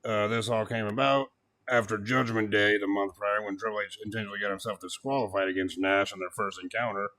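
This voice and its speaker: Brief: male co-host, bright tone, animated casual recap, swears, laughs a lot. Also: fairly low pitch, a little fast. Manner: animated, swears, laughs often, mocks quotes. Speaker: podcast co-host. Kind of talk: casual wrestling review chat.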